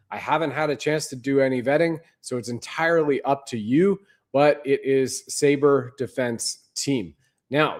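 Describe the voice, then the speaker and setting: A man's voice: mid-range voice, a little mellow. A man hosting a show, delivering a rambling, conspiratorial livestream monologue. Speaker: show host.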